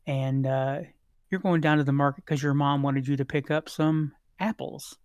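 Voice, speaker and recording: A game master narrates a tabletop game casually and leans on fillers between phrases. The voice sits at mid pitch. The recording is dry and close. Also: little pitch movement, moderate pace, a little mellow, clean tone, dry recording.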